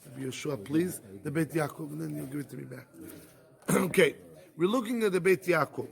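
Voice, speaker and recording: Leading a yeshiva Talmud class, a rabbi speaks a little fast in a high voice with vocal fry and a breathy edge. Rhetorical questions fly at the room as he doubles back, repeating and restarting phrases to work through the argument.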